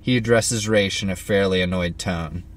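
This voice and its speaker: Low-voiced male podcast co-host. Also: normal speed. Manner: relaxed, with frequent fillers. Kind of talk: casual chat and script narration.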